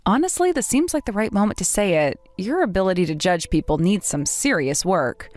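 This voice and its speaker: A woman's synthetic voice reading a text-message story, playing two young female rivals from school as they trade sharp, bickering lines. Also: medium pitch, lively intonation, fairly quick, dry recording, natural voice.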